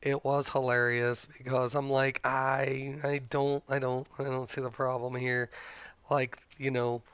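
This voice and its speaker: Blunt, animated middle-aged man telling a story. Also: medium pitch, measured pace, clean tone, no echo. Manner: animated, blunt, swears freely, retells scenes with "I'm like". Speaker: streamer and father. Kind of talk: casual storytelling to a stream.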